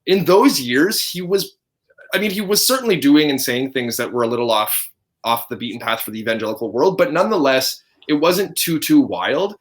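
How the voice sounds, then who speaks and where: A man's voice: medium pitch, fairly quick. A man in his thirties hosts a podcast and tells a long story in a loose, chatty way. He breaks off mid-sentence, restarts, and laughs as he goes. His voice rises and falls with the telling. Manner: animated storyteller, laughs often, self-interrupting. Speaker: podcast host. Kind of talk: casual storytelling chat.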